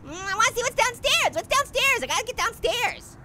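A performer voicing a hyper, wisecracking male talking orange in a pitched-up, squeaky voice, taunting and giggling while commenting on a game. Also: big pitch swings, fairly quick. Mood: mischievous. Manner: taunting, loud exclamations, frequent laughs. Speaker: let's play host. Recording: loud game music behind the voice. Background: loud game music.

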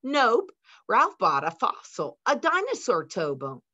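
A woman voicing a shy, nervous young schoolboy who talks softly and hesitantly in a storybook reading. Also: on the high side, wildly swooping pitch, measured pace, voice pushed up, full character voice. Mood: bright. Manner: hesitant, soft-spoken. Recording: dull lo-fi recording.

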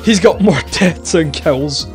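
A young man doing loud, sweary gameplay commentary as a gaming YouTuber, shouting catchphrases. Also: a little high, lively intonation, takes it slowly, faint music behind.

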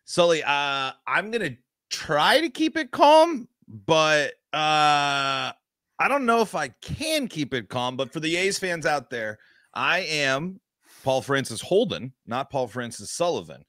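A man's voice: a little high, very animated, slow pace, bright, forceful tone, dry recording, clean studio sound. Frustrated man ranting on a sports podcast. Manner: frustrated, emphatic ranting with repeated restarts. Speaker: podcast host.

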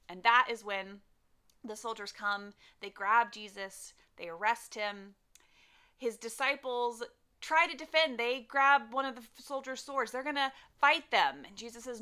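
A woman's voice: fairly high pitch, unhurried, pushed and bright, clear, resonant tone. A young woman teaching a children's church lesson, telling the story animatedly and acting out the characters.

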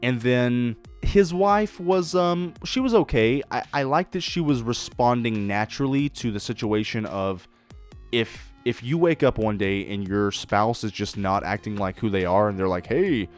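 A man hosting his own podcast, giving a blunt, profane, excitable solo review and acting out quoted lines. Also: medium pitch, moderate pace, faint music behind. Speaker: podcast host reviewing shows. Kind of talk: casual solo review monologue.

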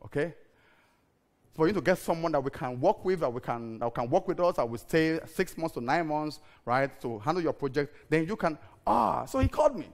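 A middle-aged man, preaching a sermon full of stories, animated and laughing, sometimes breaking into shouted prayer. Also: fairly high pitch, a little fast. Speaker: pastor. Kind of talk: storytelling sermon.

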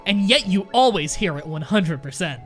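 A woman's voice: lowish voice, lively intonation, moderate pace, soft background music. A woman streaming a game and chatting casually, rambling, swearing and laughing often. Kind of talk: casual gaming stream chat.

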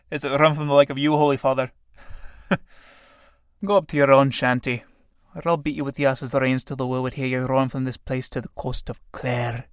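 A man voicing a rough young tinker in a play reading, talking low and mocking. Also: little pitch movement, moderate pace, long pauses, no room sound, studio quality, lightly acted.

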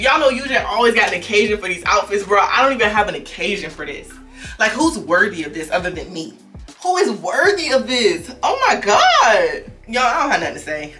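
Young woman doing a try-on haul, bright voice, lots of slang and repeats, bit far from the mic, faint music behind. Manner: animated, slangy, repeats herself, sudden high exclamations. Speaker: fashion vlogger.

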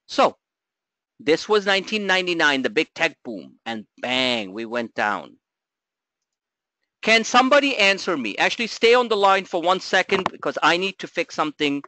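A middle-aged man hosting a live trading webinar, joking and talking loosely, with loud asides and low mutters. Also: sing-song, moderate pace, dry recording. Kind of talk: live market webinar talk.

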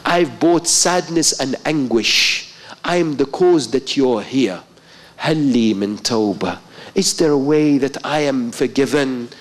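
A man's voice: medium pitch, takes it slowly, natural voice. A male preacher voicing a repentant warrior who pleads earnestly, torn and full of remorse. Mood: remorseful.

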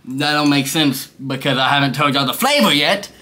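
Rambling high young man, bright voice. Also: expressive, moderate pace. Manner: rambling, laid-back slang, laughing often. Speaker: vlogger. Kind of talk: casual stoned review vlog. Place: his room.

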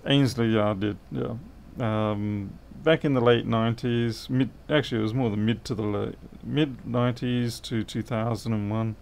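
A man's voice: mid-range voice, fairly even intonation, normal speed, gravelly, hardly any pauses, darkish tone, a little hiss or hum. A middle-aged man, chatting casually and thinking aloud while he works through a repair on a livestream. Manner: rambling, thinks aloud, answers chat.

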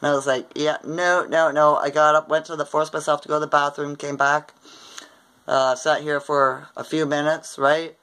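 A woman's voice: low-pitched, level tone, normal speed, a bit bright, low-quality recording. An older woman from Ontario, Canada, casually recounting a dream in a rambling way and often tagging her sentences with "right?". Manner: rambling, often adds "right?" tag questions. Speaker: vlogger.

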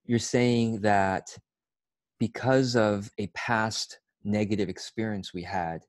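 A man's voice: fairly low pitch, fairly even intonation, slow pace, no room sound, studio quality. A man hosting an interview who thoughtfully sums up his guest's points and turns them into questions. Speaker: interview host. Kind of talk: conversational interview.

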